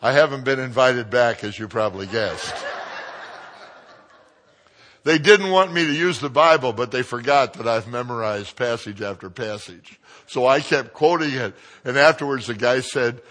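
A man preaching a sermon, joking with his congregation and swinging from quiet asides to loud exclamations. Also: medium pitch, animated, normal speed.

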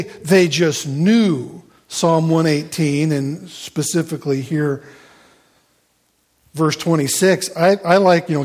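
A man's voice: a little high, darkish tone. A middle-aged man preaching a sermon in a conversational way, with many fillers and restarts and playful asides to the congregation. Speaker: pastor.

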